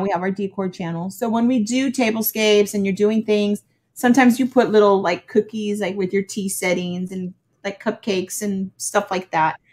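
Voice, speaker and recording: Woman, mid pitch, chatty, animated, exclaims often, casual chat. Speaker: YouTube channel host.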